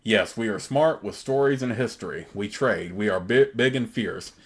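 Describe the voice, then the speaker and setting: A man's voice: fairly low pitch, moderate pace, a little hiss or hum, lightly acted. A man voicing a proud, burly old male troglodyte warrior who speaks in broken, simple phrases.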